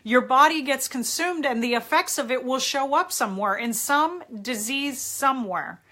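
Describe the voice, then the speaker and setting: Middle-aged woman on a live stream, bright voice, kinda high, earnest and encouraging. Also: animated, moderate pace. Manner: earnest and encouraging, chats with viewers between points. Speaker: host answering viewer questions on a live stream. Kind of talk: casual live-stream advice talk.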